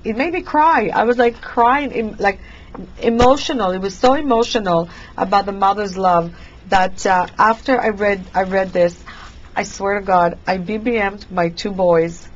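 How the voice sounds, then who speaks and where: A woman's voice: medium pitch, lo-fi sound. Chatty affirming middle-aged woman host. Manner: warm, chatty, affirming, many restarts. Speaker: talk show host. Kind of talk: talk show conversation.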